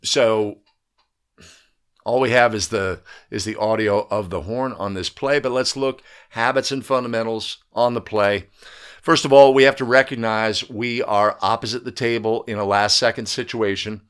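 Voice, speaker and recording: A man's voice: lowish voice, steady tone, moderate pace, a bit bright, smooth. A man hosting an instructional video for basketball officials, talking through game footage in a coaching manner and often checking in with "right?". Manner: coaching, emphatic, with frequent "right?" tags.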